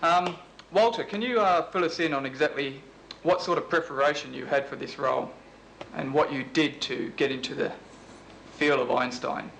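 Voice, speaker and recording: A man with an Australian accent hosting and interviewing a guest in a brisk, mock-serious way. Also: a little high, creaky, fairly bright tone, a little hiss or hum, rough recording. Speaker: host.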